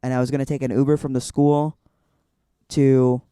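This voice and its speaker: A man's voice: medium pitch, flat delivery, moderate pace, warm tone, smooth, no echo, studio quality. A young man from Illinois telling a personal story on a podcast, rambling with lots of "like" fillers. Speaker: podcast guest. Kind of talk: casual storytelling.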